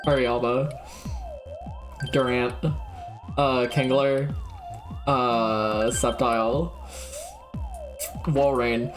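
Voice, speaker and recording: A woman's voice: a bass voice, slow, long pauses, soft background music. A young woman streaming a game, blurting out guesses, swearing freely and laughing at herself. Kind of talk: casual gameplay commentary.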